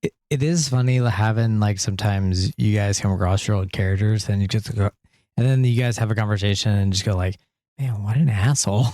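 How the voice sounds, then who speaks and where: A man's voice: lowish voice, fairly quick, warm tone, no room sound, studio quality. A man co-hosting a casual podcast about tabletop roleplaying games, talking in an easygoing, rambling, joking way.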